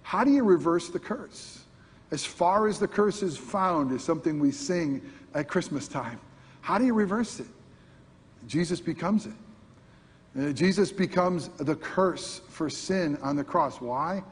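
Preacher, husky, echoing hall. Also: male voice, a little high, animated, measured pace. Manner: preaching with rising and falling intensity, rhetorical questions. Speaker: pastor. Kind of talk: sermon. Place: church sanctuary. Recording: long hall reverb.

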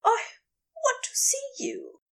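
A woman voicing a gentle, easily flustered man who speaks softly and breathily, in a read-aloud fan story. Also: extremely high pitch, lively intonation, takes it slowly, pitched above the performer's own voice, full character voice. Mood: breathless. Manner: breathy, whispery, fussy. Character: soft-spoken, flustered, gentle male lover.

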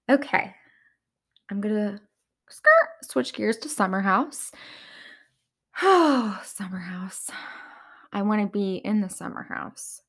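A woman hosting a podcast, giving blunt, opinionated commentary on reality TV and often laughing at herself. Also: mid-range voice. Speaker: podcast host.

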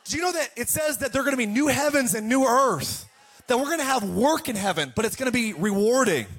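High-voiced pastor preaching fired up. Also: male voice, lively intonation, a little fast. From United States. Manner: fired-up preaching, swings between hushed and shouting. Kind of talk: sermon.

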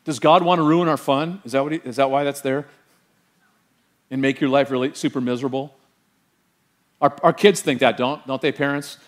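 A middle-aged man pastor preaching an animated sermon and quizzing the congregation with questions. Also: medium pitch, normal speed, long pauses.

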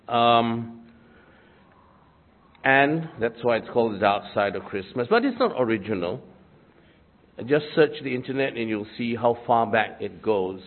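A male pastor preaching a sermon, wry and conversational, at the tail end of a cold with occasional coughs. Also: mid-range voice. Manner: wry, self-deprecating humor with conversational asides. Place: church. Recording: tinny phone-like sermon recording.

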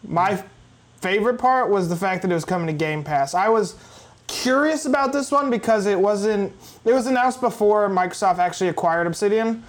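A man co-hosting a gaming podcast, talking excitedly in a rambling way with lots of fillers and restarts. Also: high-pitched, fairly quick. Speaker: podcast co-host. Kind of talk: casual chat.

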